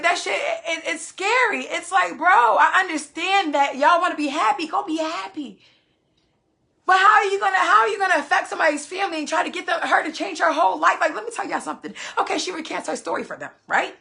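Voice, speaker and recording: Woman vlogger ranting to her viewers, lots of swearing, repeats herself, bright edgy voice. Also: very high voice, fast, vocal fry. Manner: profane, emphatic, repeats phrases for stress. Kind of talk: heated casual venting to viewers.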